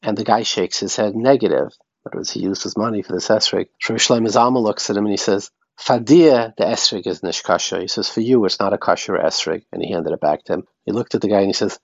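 A rabbi gives a Torah talk, telling stories and weaving in Yiddish and Hebrew terms. His voice is medium in pitch. The recording is dry and slightly muffled, with no echo.

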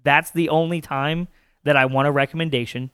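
A man co-hosting a casual comedy podcast, telling profane, animated stories full of acted-out quotes. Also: on the high side, brisk, clean tone, dry recording. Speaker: podcast co-host.

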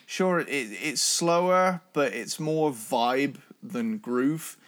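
A man co-hosting a casual music podcast, talking with enthusiasm in a hoarse voice. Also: mid-range voice, lively intonation, slow pace, fairly bright tone. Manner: enthusiastic, imitates drum sounds. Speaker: podcast co-host.

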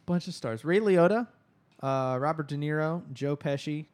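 A man's voice: a little high, moderate pace, a little mellow. A man co-hosting a casual movie podcast, rambling and laughing often. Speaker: podcast co-host. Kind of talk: casual chat.

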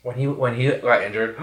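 Animated teasing co-host, echoey room. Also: mid-range voice. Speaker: podcast co-host. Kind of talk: casual film review chat.

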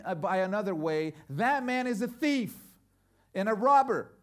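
A middle-aged man preaching, his voice sitting on the higher side for a man. He tells stories and drops to near-quiet before building to loud, emphatic peaks. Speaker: pastor. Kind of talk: sermon.

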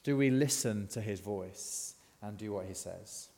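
A man's voice: lowish voice, unhurried, warm tone, big-room sound. A man giving a conversational sermon, asking the congregation questions as he goes. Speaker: preacher. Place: church.

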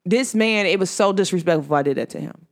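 A woman hosting her podcast, talking casually about spirituality and telling a personal story in an animated way, full of "like". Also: lowish voice, fast talker. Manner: animated storytelling, filler-heavy with frequent "like". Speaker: podcast host.

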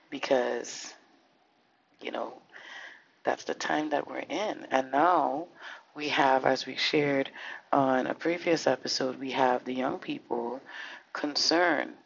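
Male podcast host, gravelly and impassioned, heavy on rhetorical questions, dull lo-fi sound. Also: medium pitch, slight background noise. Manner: fervent, full of rhetorical questions, swears now and then. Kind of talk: impassioned social commentary monologue. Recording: slightly dull lo-fi recording.

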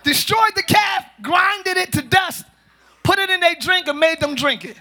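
A male pastor preaching a lively sermon in a church, animated and joking, breaking into shouts. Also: very high voice, moderate pace, some chatter behind. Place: church service. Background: congregation responding.

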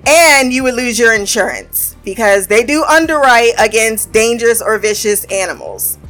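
A woman giving a casual, profane recap of a TV episode. She laughs often and talks in an animated way. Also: a little high, moderate pace, faint music behind. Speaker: show reviewer.

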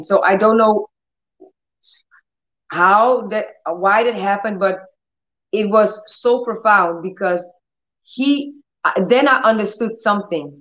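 A woman hosting a healing ministry stream, preaching and praying with bold commanding declarations. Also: medium pitch. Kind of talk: livestream preaching and prayer. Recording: roomy, dull lo-fi stream audio.

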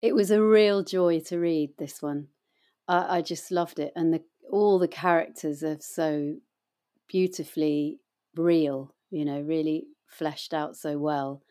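A deep, mellow female voice with fairly even intonation and a measured pace belongs to a middle-aged audiobook reader and voice actor. She is an interview guest, chatting casually and telling rambling stories with many fillers.

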